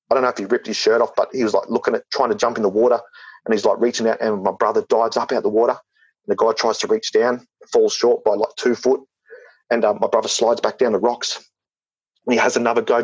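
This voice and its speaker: Aussie guy rambling thru a story, um and like everywhere, kinda husky, muffled dry audio. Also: lowish voice, no room sound. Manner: rambling, lots of "like" and "um", restarts. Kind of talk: casual spoken anecdote.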